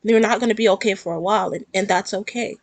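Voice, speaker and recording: A woman speaks in a heartfelt, rambling way, circling back on her words as she talks through her own grief. Her voice sits at an ordinary middle pitch. The sound is dry and close, with no room echo. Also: quick pace. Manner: earnest, rambling, emotional. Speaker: vlogger. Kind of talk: personal talk to camera about grief.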